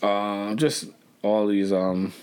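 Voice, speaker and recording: Low-voiced man rambling in casual chat. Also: flat delivery, slow pace, a little mellow, clear, resonant tone. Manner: rambling, profane, lots of fillers and restarts. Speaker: podcast co-host.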